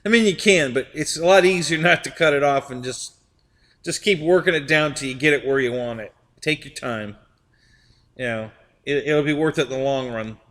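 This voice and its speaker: A man's voice: on the high side, normal speed, a bit bright, big-room sound. A man hosting a live stream, chatting casually with viewers, rambling and repeating his words and laughing often.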